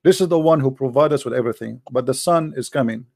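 A man hosting a live debate, explaining his points patiently in casual, animated talk and checking often that the listener follows; English is not his first language. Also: mid-range voice, fast, creaky, dry recording, studio quality. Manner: animated, lively storyteller. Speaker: debate host.

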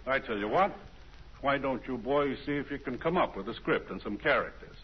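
An actor playing a businesslike, cautious radio station manager in a 1950s radio drama, brisk and persuasive. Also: male voice, medium pitch, animated, breathy edge. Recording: dull old radio broadcast.

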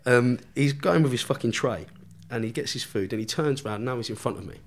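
A man's voice: mid-range voice, fairly quick. A man, a podcast guest telling a story in casual chat, swearing constantly and laughing as he goes.

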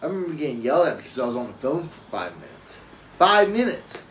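A young adult man, a father, rambles through stories in a casual live-stream chat, swearing freely. His voice sits at an ordinary mid pitch. The room is echoey, with a faint hum of ambience behind him. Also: big pitch swings, racing, darkish tone. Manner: rambling, profane storytelling. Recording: roomy echo with faint ambient noise.

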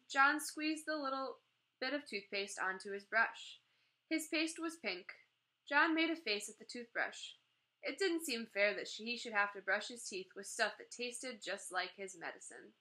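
Bright woman reading a storybook aloud. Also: fairly high pitch, normal speed, poor audio. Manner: gentle read-aloud, lightly voicing the characters. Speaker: storyteller reading a children's book.

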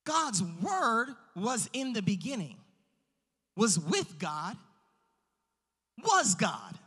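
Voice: mid-range voice, wildly swooping pitch, pushed and bright, breathy edge. Emphatic preacher in a reverberant church. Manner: emphatic, drawn-out stresses on key words. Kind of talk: sermon. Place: church sanctuary. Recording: long church hall reverb.

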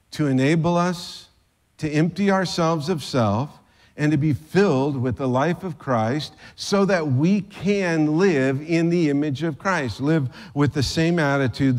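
A man pastor giving a sermon in a conversational way, with joking asides. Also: fairly high pitch.

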